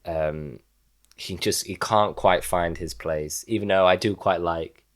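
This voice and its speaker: Low-voiced man musing hesitantly. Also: fairly even intonation. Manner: measured, hesitant, many ums. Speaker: podcast co-host. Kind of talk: casual album review chat.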